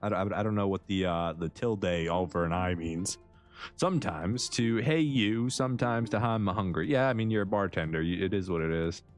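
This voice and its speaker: Joking low-voiced male game streamer. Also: a little fast, soft background music. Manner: joking, chatty, teasing the characters. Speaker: livestreaming gamer. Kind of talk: live gameplay commentary.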